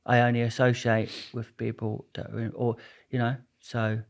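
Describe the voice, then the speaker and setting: A man's voice: mid-range voice, monotone, moderate pace. A man being interviewed as a guest, telling his story in a rambling, jokey way. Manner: rambling, jokey, restarts a lot.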